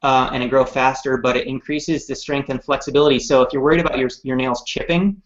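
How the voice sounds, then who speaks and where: A man's voice: medium pitch, fairly even intonation, fast talker. A man in his thirties chatting casually and upbeat about products as a company representative on a live show, with many fillers. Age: 30s. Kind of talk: live-streamed product chat. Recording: dull lo-fi stream audio.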